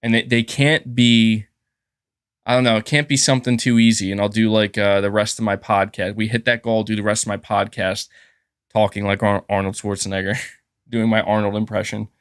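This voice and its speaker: A man's voice: fairly low pitch, little pitch movement, moderate pace, clean tone, dry recording, clean studio sound. A man hosting a casual gaming livestream, rambling and thanking viewers, with a sore throat. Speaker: gaming channel host.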